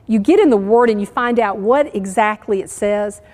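A woman's voice: mid-range voice, normal speed, darkish tone, big-room sound. A woman giving an earnest, encouraging sermon in church. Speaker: church speaker. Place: church sanctuary.

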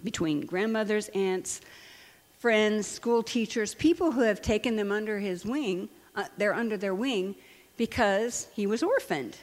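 An older woman preaching in a large hall, her voice trailing into a long reverb. She tells stories animatedly, laughs often, and speaks at a middle pitch. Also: unhurried. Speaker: Christian speaker and counselor. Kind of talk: sermon with personal stories.

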